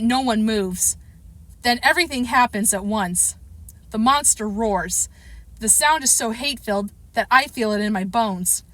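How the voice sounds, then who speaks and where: A woman's voice: on the high side, no echo. A woman narrating a first-person audiobook chapter, reading expressively and now and then correcting herself. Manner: expressive storytelling, occasional self-corrections.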